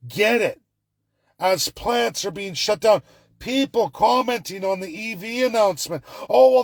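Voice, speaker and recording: A man from Alberta speaks with a notably high-pitched voice. He rants through political commentary in a sarcastic, angry, mocking way. The sound is dry and close, with no room echo. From Alberta, Canada.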